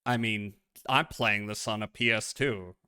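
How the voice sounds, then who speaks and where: Bright-voiced man rambling on stream. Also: on the low side, steady tone, unhurried, clear, resonant tone. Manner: rambling and profane, talks to chat. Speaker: live streamer. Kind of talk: casual live-stream chatter while gaming.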